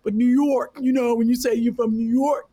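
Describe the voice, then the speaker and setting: A woman from Cleveland hosting a casual podcast chat, playful and teasing, with loud bursts of laughter. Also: fairly high pitch, fairly even intonation, normal speed, breathy edge, rough recording. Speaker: podcast host.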